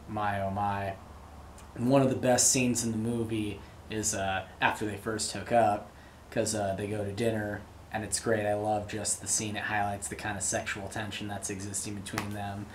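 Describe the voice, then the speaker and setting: A man's voice: fairly low pitch, little pitch movement, moderate pace, a little hiss or hum. A young man hosting his own show, rambling through a casual monologue full of fillers. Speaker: show host. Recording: roomy echo, faint ambience.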